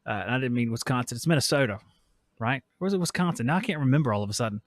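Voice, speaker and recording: A man's voice: mid-range voice, animated, very fast, no room sound, studio quality. A man in his forties hosting a casual live stream from his workshop, joking around and reading chat messages aloud. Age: 40s. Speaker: podcast host. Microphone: switches mics midway.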